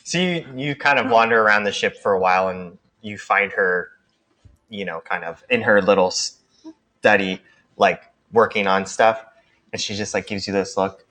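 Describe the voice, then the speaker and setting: A man's voice: on the low side, normal speed, pushed and bright. A man narrating a tabletop game as game master, loose and rambling with many restarts.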